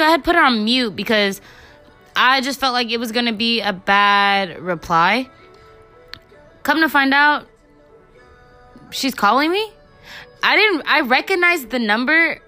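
A young woman with a lilt talks through her love life in a casual, filler-laden podcast monologue. Her voice is bright and smooth. A soft bed of music plays faintly underneath. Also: a little high. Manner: chatty, profane, lots of fillers. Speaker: podcast host.

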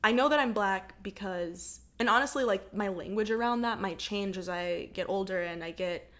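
A young American woman in relaxed podcast conversation. She thinks aloud in loose, filler-heavy sentences and laughs easily. Her voice sits in an ordinary middle range. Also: mid-range voice, normal speed. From United States. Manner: chatty, thoughtful, frequent "like" fillers, laughs often. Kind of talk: casual conversation.

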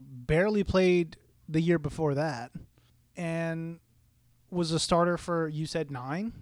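A man's voice: fairly high pitch, slow pace, dry recording. A man co-hosting a casual sports podcast, chiming in with short reactions and second-guessing facts. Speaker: podcast co-host.

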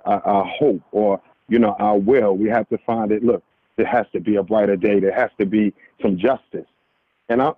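On a tinny phone line with no echo, a New York man whose voice sits on the low side calls a radio show. He offers impassioned commentary in an earnest, preachy way, restarting again and again.

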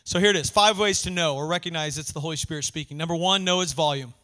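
A male pastor preaching a sermon in a conversational, passionate way, swinging from hushed lines to emphatic ones. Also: fairly high pitch, quick pace.

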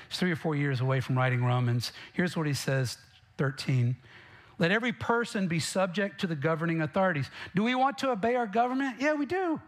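Emphatic preacher, man. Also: a little high. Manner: emphatic preaching, direct questions to the congregation. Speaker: pastor. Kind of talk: sermon.

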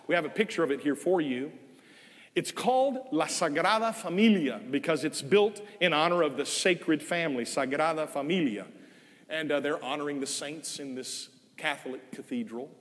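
An older man preaches a sermon in a church sanctuary, his pitch rising and falling in lively swings. He presses hard on key words, then drops to soft, drawn-out phrases. His voice is on the higher side and trails off in a long hall reverb. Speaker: guest preacher.

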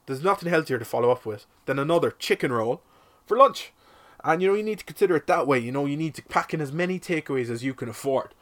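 Man, solo podcast host, rambling, profane, self-deprecating, recorded in a shed. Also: on the high side. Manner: rambling, sweary, self-mocking comic patter. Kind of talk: casual solo podcast monologue. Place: his shed.

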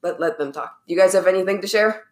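A woman's voice: on the low side, fast. A woman co-hosting a podcast from home, chatting casually with lots of filler words. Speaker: podcast co-host. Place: home in Illinois, on a couch. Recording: roomy echo.

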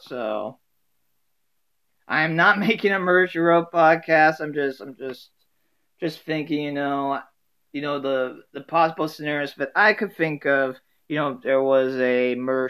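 A man's voice: on the high side, fairly bright tone, clear, resonant tone. Rambling man musing on his own. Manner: rambling, many fillers and restarts. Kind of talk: casual solo talk.

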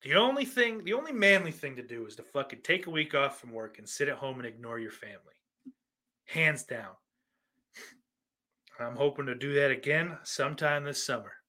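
A man's voice: medium pitch, animated, normal speed, sharp tone. A man hosting a podcast, reading out listener questions in a rambling, profane and sardonic way. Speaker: podcast host.

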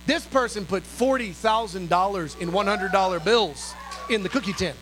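A man's voice: high-pitched, moderate pace, a little hiss or hum, poor audio. A man who leads a ministry, telling an exclamatory story from the pulpit and acting out the voices. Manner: animated, exclamatory, acts out voices. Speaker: ministry leader. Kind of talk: storytelling sermon.

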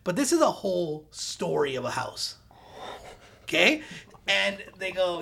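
A man, a realtor guest on a podcast, telling a story in a casual, animated way, acting out the dialogue and getting loud at the punchlines. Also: sits high, unhurried, creaky, slight background noise.

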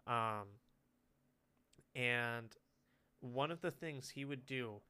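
A man co-hosting a casual podcast, talking in a loose, rambling way and breaking into giggles. His voice is smooth and resonant, pitched in a middle range. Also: extremely slow, bright, forceful tone. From California. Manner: giggly, rambling storyteller, laughs often. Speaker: podcast co-host.

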